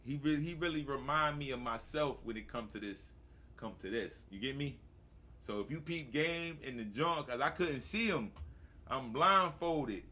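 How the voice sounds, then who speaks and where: A man hosting a morning show, telling stories in a slangy, excitable way and laughing often. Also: mid-range voice, moderate pace. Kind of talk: animated storytelling to a live audience.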